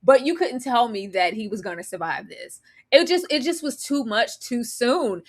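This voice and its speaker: A woman co-hosting a casual TV episode recap, high-pitched and full of swings in pitch. She tells the story in an animated way and acts out how she yelled at the screen. It is loose, easy chat. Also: normal speed. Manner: animated, re-enacts her own yelling at the screen. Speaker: podcast co-host.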